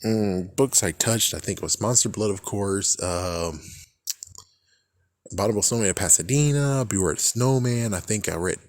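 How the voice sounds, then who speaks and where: Young male vlogger with a low voice and dry sound, rambling and cursing often. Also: normal speed, a little mellow, no room sound. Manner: swears a lot, laughs often, rambling. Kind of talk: casual rambling monologue.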